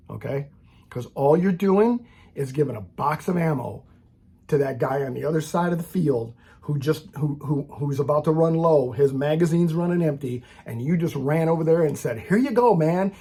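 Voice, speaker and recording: A man's voice: fairly high pitch, moderate pace, dark tone, slightly rough. A man making an impassioned, preachy rant straight to camera for his video channel, blunt and full of repeated "okay?"s and restarts. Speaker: Christian video maker.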